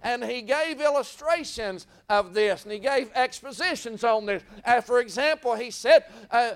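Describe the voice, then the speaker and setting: A man's voice: very high voice, normal speed, smooth. A man preaching a sermon in a folksy way, full of repeated phrases and rhetorical questions.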